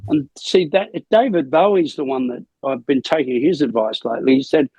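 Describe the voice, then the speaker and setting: An older man, a rock singer being interviewed, telling rambling anecdotes in a gravelly, husky voice. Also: mid-range voice, animated, moderate pace, hardly any pauses, warm tone, no echo, dull audio. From Australia. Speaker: lead singer, interview guest. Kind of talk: casual storytelling interview.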